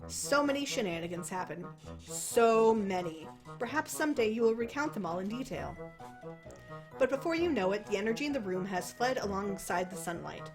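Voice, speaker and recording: A woman's voice: medium pitch, normal speed, over music. A young woman playing through a visual novel, reading its narration aloud and breaking off into rambling, swear-filled commentary. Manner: animated, swears freely, rambles. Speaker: let's play host.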